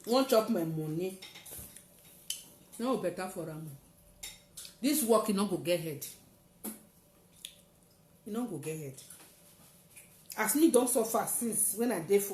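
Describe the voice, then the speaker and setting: A woman speaks with a Nigerian Pidgin accent, telling a personal story with theatrical force and acting out the cries of the people in it. Her voice carries a roomy echo, and faint noise sits behind it. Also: medium pitch. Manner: dramatic storytelling, acting out shouts. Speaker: testifier.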